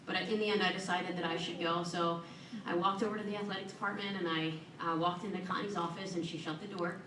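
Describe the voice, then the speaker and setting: Woman inductee, low-ish voice, earnest podium speech, echoey hall, heard from a distance. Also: steady tone, fast, background noise. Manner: earnest and warm, with self-deprecating humor. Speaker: hall of fame inductee giving acceptance speech. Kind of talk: prepared acceptance speech. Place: large event hall at an awards ceremony. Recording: echoey room, voice from far off.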